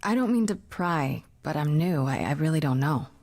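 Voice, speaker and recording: A woman's voice: low voice, animated, moderate pace, darkish tone. An actress playing a kind, unsure young woman in a video game, speaking tentatively and sympathetically. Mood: sympathetic.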